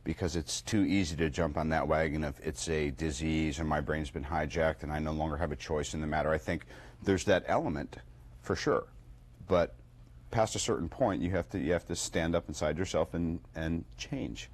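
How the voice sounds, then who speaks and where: A man giving a firm, measured opinion in an interview. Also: a bass voice.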